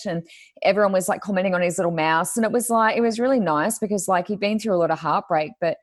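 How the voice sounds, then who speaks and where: A woman's voice: on the low side, steady tone, quick pace, dry recording, clean studio sound. A woman, telling stories in a chatty way and acting out what people said, as a guest in casual chat. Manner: chatty storyteller, acts out quotes. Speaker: guest, Reiki healer and reader.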